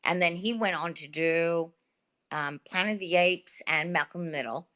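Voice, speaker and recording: A woman with an Australian accent, a guest telling stories in a chatty, animated way full of fillers, over a video call. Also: fairly low pitch, normal speed. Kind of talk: casual interview talk.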